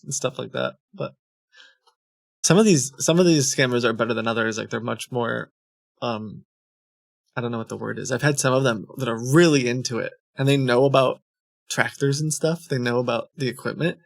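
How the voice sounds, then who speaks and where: A man with a gravelly, creaky voice and a mid-range pitch hosts a casual livestream. He tells stories animatedly into a desk mic and acts out quoted voices along the way. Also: moderate pace, no room sound, clean studio sound. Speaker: livestream host.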